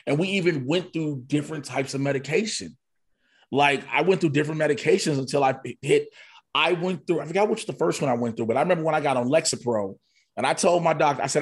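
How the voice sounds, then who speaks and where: A man's voice: a little high, fast talker, husky. A man, a guest comedian, candidly telling a personal story in a casual podcast conversation, quoting himself and others as he goes.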